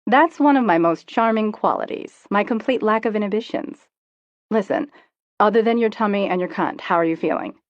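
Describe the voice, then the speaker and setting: Woman reader doing a loud, teasing teen girl, blunt and crude, dry dull sound. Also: mid-range voice, moderate pace, no echo, natural voice.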